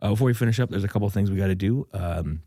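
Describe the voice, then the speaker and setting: Gravelly joking podcast host man. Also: on the low side, rapid-fire, warm tone, no echo, studio quality. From American Midwest. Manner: jokey, riffing, playful. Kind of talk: casual comedy chat.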